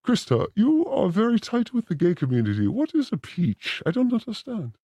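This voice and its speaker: A man's voice: high-pitched, huge pitch swings, moderate pace, lo-fi sound, background noise. A man hosting a podcast with a crude, theatrical, joking manner. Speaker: podcast host. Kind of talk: crude casual banter.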